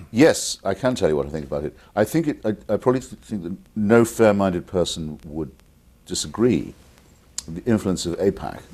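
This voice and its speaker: An English author appears as a guest on a call-in television interview, speaking deliberately and articulately while giving blunt opinions. He is from England and has a deep, slightly mellow voice.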